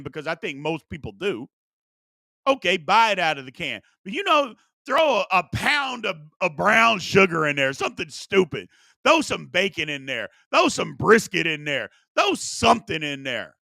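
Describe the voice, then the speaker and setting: A man's voice: high voice, dry recording, clean studio sound. A man hosting a live show, counting down a list, repeating lines for emphasis and scolding viewers playfully. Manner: animated, repeats phrases for emphasis, addresses viewers as "people". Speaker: sports talk show host.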